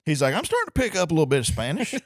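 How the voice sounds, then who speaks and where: Dude co-hosting a comedy podcast, giggly and teasing, voice jumps all over, dry mic. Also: male voice, a little high, wildly swooping pitch, no room sound. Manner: giggly, teasing, quick ribbing. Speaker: podcast co-host. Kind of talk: casual comedy podcast chat.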